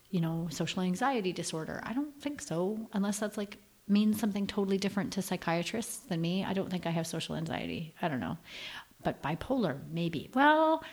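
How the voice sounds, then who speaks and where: A middle-aged woman telling her story frankly on a podcast, acting out quotes as she goes. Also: fairly low pitch. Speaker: podcast guest. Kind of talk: candid podcast conversation.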